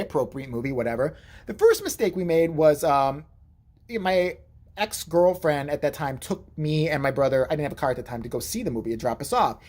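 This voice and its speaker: This man's voice sits on the high side as he recounts a story for a laid-back vlog. He's animated and swears freely, switching into impressions of whoever he's quoting.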